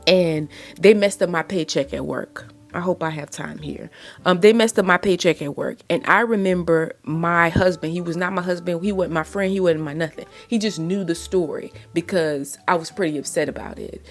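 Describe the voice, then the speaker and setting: Impassioned woman, low voice, preachy. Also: normal speed, soft background music. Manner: impassioned and preachy, firing rhetorical questions; blunt and exasperated. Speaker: relationship advice vlogger. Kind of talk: faith-based relationship advice monologue.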